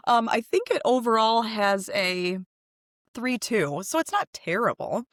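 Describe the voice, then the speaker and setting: A woman's voice: fairly high pitch, sing-song, dry recording, clean studio sound. Chatty young woman podcast co-host. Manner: chatty, laughing, quick to gossip. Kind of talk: casual chat.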